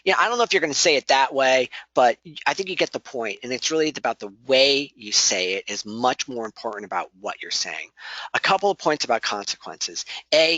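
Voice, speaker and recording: A man's voice: mid-range voice, sharp tone, no room sound, dull audio. A man giving a conversational workplace training talk, often restarting sentences and acting out sample lines.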